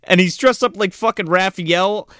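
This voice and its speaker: Brief: high, lively male co-host, profane comic riffing, dry close sound. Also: normal speed, dry recording. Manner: profane, laughing, acts out scenes in silly voices. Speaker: podcast co-host. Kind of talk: casual comedic movie riffing.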